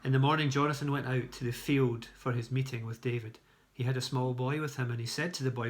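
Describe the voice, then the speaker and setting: A church leader reads a Bible story at an even, mid-range pitch. His delivery is plain and steady, and he breaks off now and then for brief explanatory asides. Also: fast. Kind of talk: Bible story reading with commentary.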